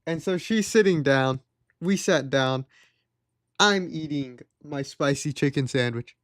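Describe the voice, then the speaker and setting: A man's voice: on the high side, a little slow, fairly bright tone, dry recording, clean studio sound. A young man streaming live, casually telling a story in a sarcastic, exasperated, slangy way. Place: home streaming setup.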